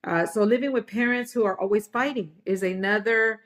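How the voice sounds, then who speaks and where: A woman's voice: mid-range voice, a little fast, a bit bright. Bilingual woman teaching a parenting class. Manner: switches between English and Spanish, with fillers and restarts. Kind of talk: bilingual class talk, English then Spanish.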